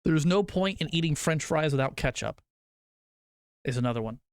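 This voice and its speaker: Smooth-voiced streamer man, casual rambling. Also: fairly high pitch, expressive, moderate pace, no echo, clean studio sound. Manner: rambling, swears casually, argues food opinions. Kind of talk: casual chat with live chat.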